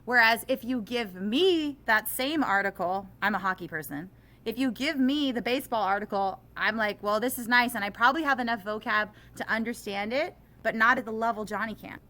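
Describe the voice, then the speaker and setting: A middle-aged woman teacher talking in an interview, animated and self-deprecating, growing impassioned as she makes her case. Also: on the high side, fairly quick.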